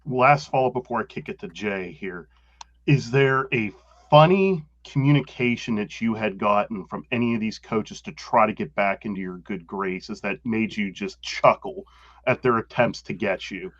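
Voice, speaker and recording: Podcast host with a dry, dull sound. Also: male voice, fairly low pitch, moderate pace, dry recording. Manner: long, meandering questions. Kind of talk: casual chat.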